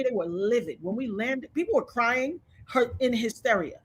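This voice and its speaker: A woman's voice: a little high, lively intonation, normal speed, husky. A woman in her fifties, telling her story with fervent, preacher-like conviction as an interview guest. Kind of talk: emotional testimony in conversation.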